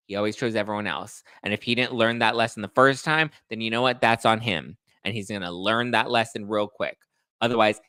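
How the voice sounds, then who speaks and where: A man's voice: medium pitch, pushed and bright, no echo. A man hosting a reality TV recap, chatting in a sassy, gossipy way and acting out cast members' lines. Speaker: podcast host recapping reality TV.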